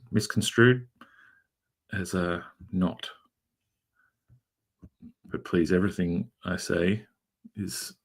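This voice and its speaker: A middle-aged Australian man chatting casually on a drawing stream, telling rambling jokey stories full of fillers, from a converted garage room. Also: sits low. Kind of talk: casual chat while drawing.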